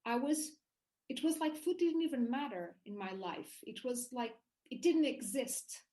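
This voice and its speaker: Animated woman telling a personal story. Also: high-pitched, measured pace, poor audio. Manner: animated storytelling with frequent restarts. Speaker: interview guest. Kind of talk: casual interview conversation.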